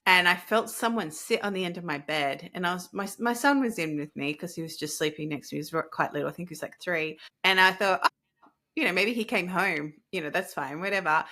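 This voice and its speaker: With a voice on the low side and a slightly quick delivery, a woman who hosts a podcast and practices energy healing shares a personal anecdote conversationally. She animatedly imitates each person she quotes.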